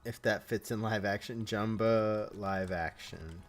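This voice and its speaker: A man's voice: fairly low pitch, steady tone, unhurried, few pauses, soft background music. A man hosting a casual live stream, chatting with viewers and reacting as he goes.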